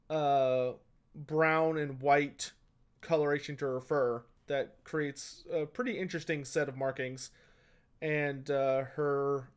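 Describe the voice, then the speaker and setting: A man's voice: fairly high pitch, smooth. A man running a tabletop game as game master, describing scenes in a loose, rambling way. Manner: rambling descriptive narration with fillers. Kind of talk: game master narration, casual.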